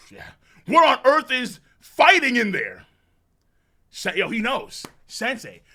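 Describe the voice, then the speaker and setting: A man streaming a live manga reaction, excitable and profane, breaking into shouts of amazement. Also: high-pitched.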